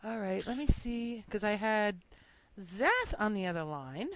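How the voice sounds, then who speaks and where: A woman hosting a podcast, chatty and quick to curse and laugh, just over an illness. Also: mid-range voice, sing-song, no echo, low-quality recording. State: recovering from illness. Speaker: podcast host. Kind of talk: casual group chat over a call.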